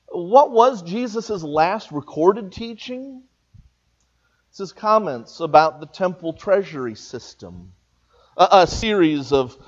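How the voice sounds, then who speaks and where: High-voiced guy preaching, earnest storyteller, kinda dull lo-fi sound. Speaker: pastor. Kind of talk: sermon.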